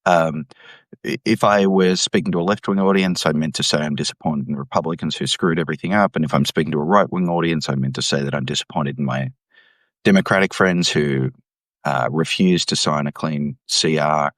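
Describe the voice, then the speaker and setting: A low-voiced man speaks as an economics professor in an interview, laying out his case with emphatic, animated energy. The sound is dry and close, with no room around it. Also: fairly quick, no room sound. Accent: Australian. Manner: animated, emphatic, mimics voices when quoting. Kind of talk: explanatory interview talk.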